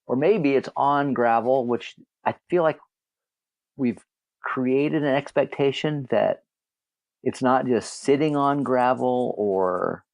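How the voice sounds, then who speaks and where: A man's voice: medium pitch, takes it slowly, vocal fry, a little mellow, no echo. Joking male podcast co-host, dry sound. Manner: joking, laughs often. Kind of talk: casual banter among friends.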